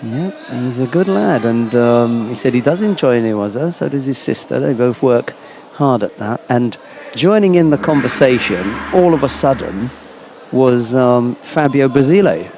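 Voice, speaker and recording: A man's voice: medium pitch, lively intonation, moderate pace, darkish tone, slight background noise. A man commentating live on a judo event, chatty and anecdotal. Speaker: sports commentator.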